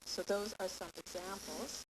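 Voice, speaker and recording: A woman's voice: mid-range voice, measured pace. Woman lecturing parents over hiss. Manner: lively, acts out parent and child lines in quotes. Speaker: parenting educator. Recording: steady hiss.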